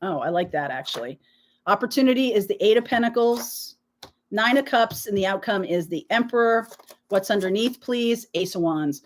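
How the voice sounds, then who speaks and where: With a mid-range voice, lively intonation, and a moderate pace, a woman hosts a live tarot reading for her viewers. She's reassuring and emphatic, peppering her talk with "okay?", while battling a sore throat that makes her clear it often.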